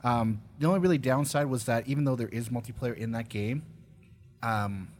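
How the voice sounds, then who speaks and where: A man's voice: mid-range voice, normal speed, a little hiss or hum. A man in a casual podcast chat, talking about a game he reviewed, easygoing and rambling with fillers. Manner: laid-back, rambling with fillers.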